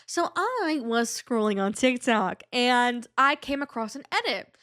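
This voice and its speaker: A woman's voice: a little high, sing-song, measured pace, fairly bright tone. A woman hosting her podcast in casual solo chat, rambling and drifting between thoughts, with a stuffy nose. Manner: rambling, digressive, heavy use of "like". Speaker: podcast host.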